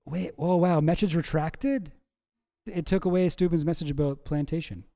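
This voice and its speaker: A man's voice: a little high, normal speed, creaky, mellow. A man hosting a stream, telling playful stories in casual chat and laughing often. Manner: laughing, playful storytelling with quoted voices. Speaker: streamer host.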